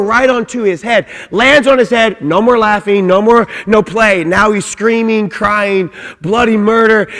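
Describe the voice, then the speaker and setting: A man's voice: high-pitched, fairly bright tone. A middle-aged man preaching a sermon, emphatic and repetitive, often saying "man". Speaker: pastor. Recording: long reverb of a large hall.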